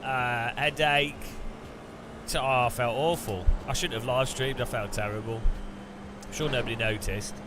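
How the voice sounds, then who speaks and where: A man's voice: mid-range voice, fairly even intonation, normal speed, background noise. A man chatting casually on a live stream from his home sim rig, rambling and joking, a bit tired and under the weather. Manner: rambling and joking, talks to chat. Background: music.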